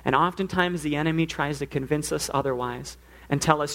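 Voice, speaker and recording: A man's voice: fairly high pitch, fairly quick, creaky, a bit bright. A man preaching a sermon, earnest, now and then acting out the pleas he quotes. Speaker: pastor.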